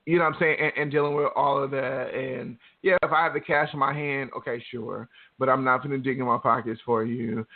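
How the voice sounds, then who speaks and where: A man's voice: mid-range voice, fairly even intonation, a little fast, few pauses, phone-quality sound. A man co-hosting a casual podcast, rambling candidly with a lot of profanity. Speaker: podcast co-host.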